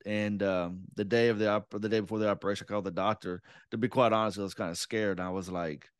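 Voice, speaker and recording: A man's voice: on the low side, fairly even intonation, quick pace, smooth, dry recording, clean studio sound. A man in his thirties, a podcast guest, chatting casually and telling a self-deprecating story. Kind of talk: casual conversation.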